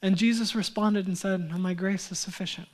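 High-voiced man preaching a sermon. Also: steady tone, fairly quick. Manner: earnest preaching, swings from loud emphatic runs to soft low lines; restarts and repeats words as he speaks. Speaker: pastor.

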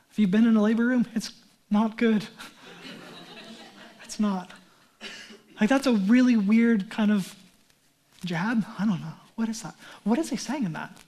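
A male pastor giving a sermon in a conversational, animated way, with casual asides. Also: sits high, moderate pace, pauses often.

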